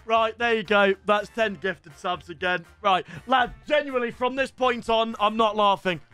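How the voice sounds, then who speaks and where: A man's voice: sits high, normal speed, bright, forceful tone, smooth, soft background music. A man hosting a reaction video, chatting casually and poking fun at himself as he talks to his viewers. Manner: chatty, self-mocking, lots of restarts.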